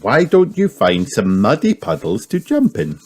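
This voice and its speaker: A man voicing a calm, kindly mother pig in a storybook reading, with background hiss. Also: fairly low pitch, a little slow, voice pushed up. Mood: gentle. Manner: gentle, patient.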